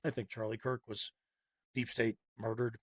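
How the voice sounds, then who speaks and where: A man's voice: medium pitch, little pitch movement, normal speed, husky, no room sound, clean studio sound. A man hosting a podcast, delivering a heated, sarcastic opinion monologue with punchy repetition. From Massachusetts. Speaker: podcast host.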